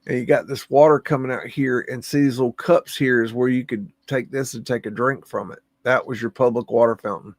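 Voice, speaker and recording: Man, livestream host, casual musing commentary, gravelly voice, mid pitch. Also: fairly even intonation, a little fast, few pauses, no room sound. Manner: musing, humming to himself, easily amazed.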